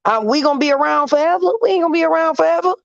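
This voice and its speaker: Woman in her 30s, livestream host, animated storyteller who swears freely; dry, slightly dull recording. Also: sits high, racing, vocal fry, no room sound. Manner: animated, swears freely, hums "mm" between phrases. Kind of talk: casual storytelling chat.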